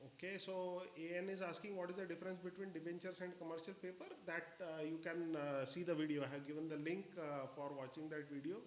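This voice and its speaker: A man leads a live stock-market webinar in a slightly high voice. He explains step by step and keeps checking that everyone is following. The recording has room echo and a faint hum of background noise. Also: fairly even intonation, a little fast, few pauses.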